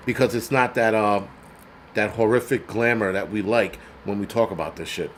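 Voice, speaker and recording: A man's voice: fairly low pitch, steady tone, moderate pace, slight background noise. A middle-aged man hosting a show, ranting in a profane, sarcastic and blunt way. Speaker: host. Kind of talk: ranting commentary.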